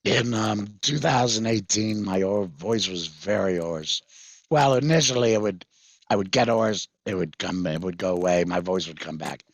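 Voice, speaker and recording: Husky, very low-voiced man telling his story. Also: dry recording. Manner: halting, many fillers and restarts. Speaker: guest, patient mentor. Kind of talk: recounting a personal story in conversation.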